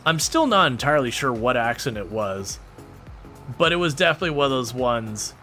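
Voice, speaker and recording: A man's voice: mid-range voice, sharp tone. A man streaming a farming game, chatting casually and rambling as he answers viewer questions. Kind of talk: casual livestream chat while playing a farming game.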